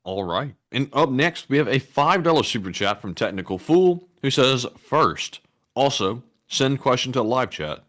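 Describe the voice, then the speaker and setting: A man's voice: medium pitch, sing-song, normal speed, fairly bright tone. Male co-host, plain mid voice, dry humor, reads donations. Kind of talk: casual chat reading donations.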